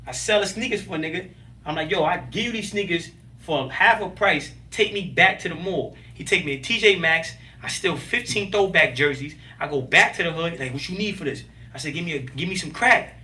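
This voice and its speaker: A man talking as a podcast guest, telling stories in an animated, emphatic way with street slang. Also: on the high side, brisk, far from the mic. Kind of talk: casual interview storytelling.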